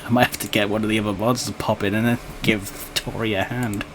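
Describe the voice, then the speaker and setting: A man hosting a live game stream with casual chat, talking in a halting, nervous way with many restarts. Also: lowish voice, flat delivery, background noise.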